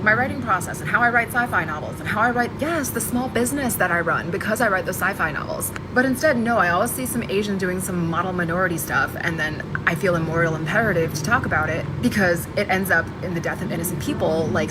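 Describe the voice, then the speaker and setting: A woman's voice: fairly low pitch, heavy background noise. A woman giving an emphatic, frustrated vlog monologue as a social media commentator.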